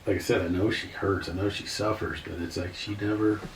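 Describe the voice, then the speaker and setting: A man's voice: low voice, steady tone, brisk. A man in his fifties, a podcast guest telling a heartfelt personal story, talking earnestly and often restarting his sentences. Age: 50s. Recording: roomy, distant mic with faint noise.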